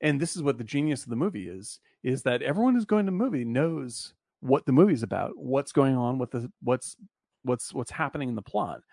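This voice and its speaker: Gravelly, blunt-talking man. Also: medium pitch, lively intonation, fairly quick, darkish tone, no echo. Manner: blunt, profane, rambling with many fillers. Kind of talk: casual film discussion.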